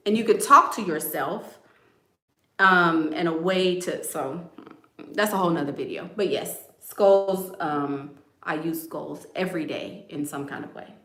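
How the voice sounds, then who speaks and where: A woman's voice: low-pitched, a little slow, fairly bright tone, echoey room. A woman chatting casually to her viewers in a playful, talkative way, calling them y'all. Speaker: vlogger. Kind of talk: casual chat.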